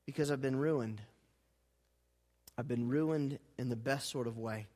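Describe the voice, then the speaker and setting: A man preaching a sermon as pastor, dramatic, swinging from hushed lines to loud, fervent ones. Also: medium pitch, measured pace. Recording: hall reverb.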